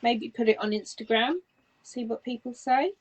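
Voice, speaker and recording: A woman from northern England, co-hosting a crafting podcast in casual chat, encouraging and quick to agree. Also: on the high side, low-quality recording. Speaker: podcast co-host.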